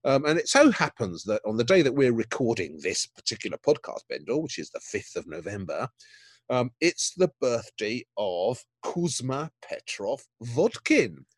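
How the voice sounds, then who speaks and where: A man's voice: mid-range voice, moderate pace, no room sound. A man, co-hosting a podcast and talking eagerly about art, often repeating words as he gets carried away. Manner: enthusiastic, repeats words when excited. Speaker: podcast co-host. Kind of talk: casual chat about art.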